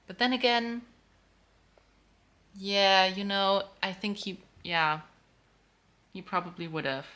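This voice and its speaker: A woman reacting to a romance novel in a casual book vlog, animated and outspoken, swearing freely. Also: mid-range voice, slow pace. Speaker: book vlogger.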